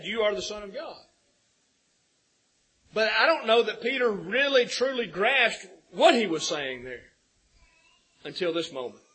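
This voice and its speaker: A man's voice: high voice, pushed and bright, slightly rough, rough recording. A man preaching a sermon, earnest and building to emphatic peaks.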